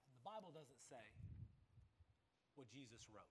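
A man preaching a sermon, dramatic in delivery, dropping to a hush and then rising to emphatic lines. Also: medium pitch, expressive, moderate pace, a little hiss or hum. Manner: dramatic, swings from hushed to emphatic. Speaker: pastor. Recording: long hall reverb.

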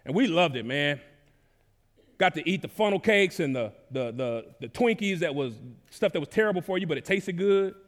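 High-voiced pastor preaching in a hall. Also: male voice, animated, normal speed. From Dallas, Texas. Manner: conversational preaching with casual slang and swings in loudness. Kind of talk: sermon. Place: church sanctuary. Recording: long reverb of a large hall.

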